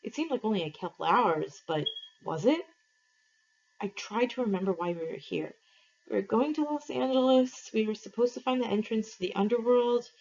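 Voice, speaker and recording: A woman's voice: fairly high pitch, normal speed, darkish tone, dull audio. Woman teacher reading a novel aloud.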